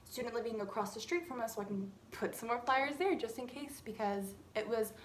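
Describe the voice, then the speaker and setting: Young woman, vlogger, casual storytime, lively and dramatic, slightly high voice, faint background hiss. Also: a little fast. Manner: animated, swears freely, dramatic retelling.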